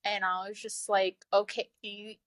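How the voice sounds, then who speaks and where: A woman, telling her own story in a casual, animated way and laughing often. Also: measured pace, dry recording. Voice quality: low, flat-sounding voice she calls sad over the phone.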